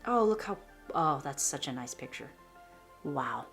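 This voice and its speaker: A woman hosting a crafting vlog, gushing over a scrapbook and often dropping into a breathy whisper. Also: deep voice, lively intonation, unhurried, a bit bright, soft background music. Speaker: scrapbooking channel host. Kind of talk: flip-through show-and-tell vlog.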